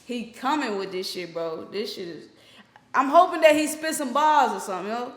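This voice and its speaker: A man's voice: very high voice, lively intonation, moderate pace. A man hosting a reaction video, talking casually with a lot of slang and swearing, and speaking bluntly to his viewers. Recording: roomy echo.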